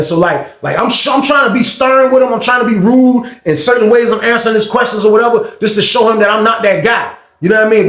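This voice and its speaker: A man telling a story from his past in a casual, slangy, animated way. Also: extremely high pitch. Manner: animated, slangy, lively retelling with acted dialogue. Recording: roomy echo.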